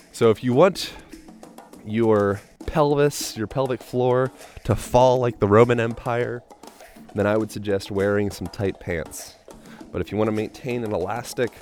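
A man with a low voice hosts his podcast in a loose, playful monologue and jokes as he goes. Soft music sits faintly under his talk. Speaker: podcast host.

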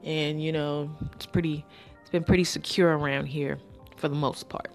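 A woman hosting her own podcast, talking in a casual, rambling way with slang, sighs and pauses. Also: sits low, fairly even intonation, a little mellow, soft background music. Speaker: podcast host. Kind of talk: casual solo podcast monologue.

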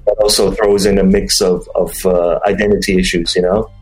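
Casual podcast host, man, low voice, rambling and slangy, faint music underneath. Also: flat delivery, brisk, low-quality recording. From mixed English and Chinese, raised abroad. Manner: rambling, frequent restarts and fillers, slangy.

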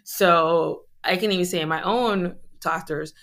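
A woman's voice: fairly low pitch, unhurried, fairly bright tone. A middle-aged woman, a physician guest, talking in a chatty, joking, conversational way. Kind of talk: conversational interview.

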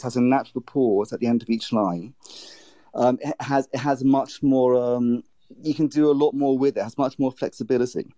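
A man's voice: mid-range voice, mellow, no echo. A man on a video call discussing poetry, hesitant, with many ums and restarts. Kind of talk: casual discussion and poetry reading.

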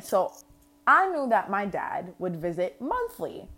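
A woman's voice: medium pitch, huge pitch swings, unhurried, a bit bright. A woman with a New York accent telling a storytime vlog in a brash, casual way, full of slang and swearing. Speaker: vlogger.

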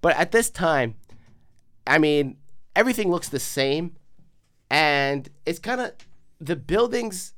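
Young Canadian male podcast co-host, casual rambling storyteller. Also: fairly high pitch. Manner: rambling, profane, acts out quotes in voices.

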